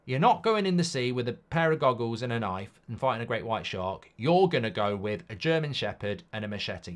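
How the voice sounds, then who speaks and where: A man hosting a live football watchalong, chatting casually and reading out viewer comments. He rambles in an animated way, swears freely and riffs on silly hypotheticals. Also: medium pitch, fairly quick, few pauses.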